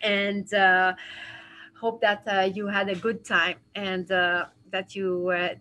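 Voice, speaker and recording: A woman's voice: medium pitch, little pitch movement, sharp tone, poor audio. French-accented woman lecturing with many fillers. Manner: halting, many fillers and restarts. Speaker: dental educator. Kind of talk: webinar lecture with Q&A. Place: dental office.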